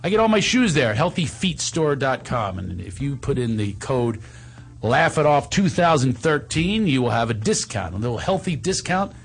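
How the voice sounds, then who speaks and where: A man's voice: medium pitch, normal speed, creaky, breathy edge, soft background music. A middle-aged man hosting a radio show, teasing his co-hosts in casual banter and reading an ad. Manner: teasing, joking, animated.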